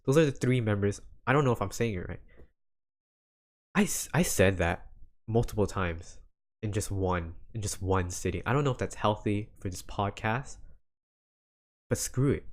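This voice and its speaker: A man hosting a casual solo podcast in a lowish voice. He rambles, doubles back, and keeps apologizing with self-deprecating asides. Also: normal speed, pauses often. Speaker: podcast host.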